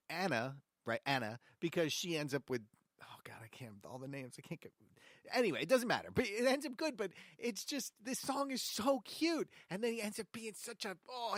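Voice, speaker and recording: A man hosts a show-tune radio program, ranting playfully and then apologizing. His voice sits on the high side and swoops up and down a lot. It is recorded close and dry, with no room sound. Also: dry recording. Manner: animated and jokey, with mock-angry rants and quick apologies. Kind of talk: casual commentary on show tunes.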